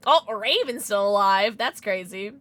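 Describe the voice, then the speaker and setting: A young woman streaming a game to her chat, giggling a lot and shrieking with excitement. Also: mid-range voice, dry recording. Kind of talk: livestream game commentary.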